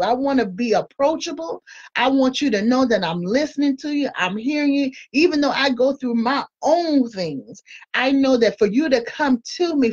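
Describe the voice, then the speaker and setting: Earnest Christian woman, higher voice. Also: darkish tone, lo-fi sound. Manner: earnest, conversational, repeats words as she talks. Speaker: Christian speaker and school board candidate. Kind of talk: informal Christian encouragement talk.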